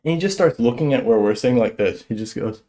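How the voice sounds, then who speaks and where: A young man telling a stand-up story in an animated way, chuckling as he goes. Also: mid-range voice, fast. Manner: animated, chuckles through his own story. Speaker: stand-up comedian.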